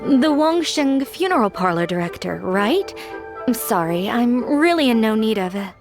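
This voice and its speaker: A woman's voice: fairly high pitch, big pitch swings, normal speed. A woman voicing a polite townswoman who apologetically turns down an offer, over game music. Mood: apologetic. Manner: apologetic, firm refusal. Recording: game soundtrack playing under voice.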